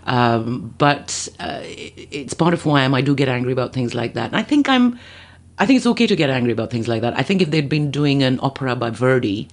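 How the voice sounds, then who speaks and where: A woman guest on a podcast, telling a story in casual chat, animated and laughing, acting out other people's lines. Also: extremely low pitch, fairly quick.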